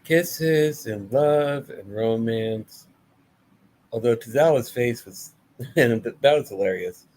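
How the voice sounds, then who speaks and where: A man's voice: medium pitch, takes it slowly, darkish tone, low-quality recording. A man giving a casual, blunt and sarcastic review of a wrestling show, full of swearing.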